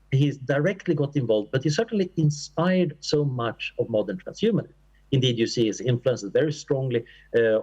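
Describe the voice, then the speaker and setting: This conference speaker takes a question from the floor and works through his answer discursively, stumbling into restarts and fillers and coughing occasionally. He has a mid-range, somewhat mellow, husky voice, captured on a muffled recording.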